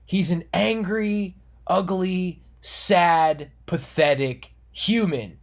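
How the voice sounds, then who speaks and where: Man, online commentator, earnest moralizing monologue, restarts words mid-thought. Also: sits high. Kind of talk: monologue rant.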